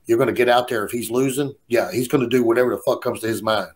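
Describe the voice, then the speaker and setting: A man's voice: mid-range voice, fast. A man casually telling a story in a rowdy, profane way. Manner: profane, animated, laughing storyteller. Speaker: guest storyteller.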